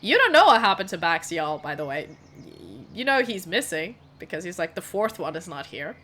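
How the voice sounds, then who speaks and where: A woman's voice: on the low side, sing-song, a little fast, pushed and bright, a little hiss or hum. A woman narrating a tabletop game as game master, casual and rambling with many fillers.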